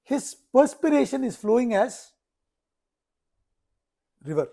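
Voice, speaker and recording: Spiritual teacher, male, raised pitch, tells stories and keeps asking if listeners follow. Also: very animated, takes it slowly, vocal fry, dark tone. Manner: storytelling, checks in with listeners often. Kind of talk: explaining scripture in a talk.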